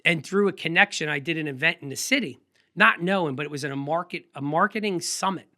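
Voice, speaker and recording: Male podcast guest, high bright voice, lively rambling storyteller. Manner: energetic, rambling, quick anecdotes with laughs. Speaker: guest photographer. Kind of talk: casual storytelling interview.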